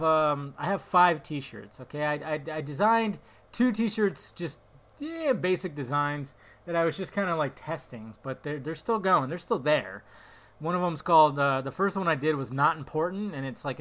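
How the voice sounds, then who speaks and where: A bright, forceful young man hosts his own podcast in a loose, rambling monologue, drifting off on tangents and swearing offhandedly. His voice sits a little above the usual for a man. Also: fairly high pitch. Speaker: podcast host.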